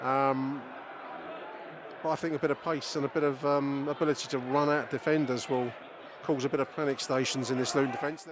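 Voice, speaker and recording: A middle-aged man hosting a podcast gives brisk, chatty commentary on a football match from the stadium stands outdoors, with a noisy crowd all around. He speaks at a medium pitch with fairly even intonation, airing strong opinions, cursing, and talking straight to his audience.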